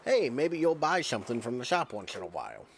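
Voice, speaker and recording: A man voicing a gruff old male fisherman in a vague put-on accent while reading game dialogue aloud. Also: medium pitch, huge pitch swings, brisk, a little hiss or hum. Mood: hearty.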